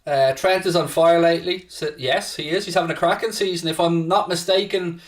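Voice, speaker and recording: A man's voice: fairly high pitch, fairly even intonation, fairly quick, hardly any pauses, far from the mic. A man hosting a casual live football watchalong, chatting to viewers, reading out their messages and swearing freely when worked up. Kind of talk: casual live-stream chat.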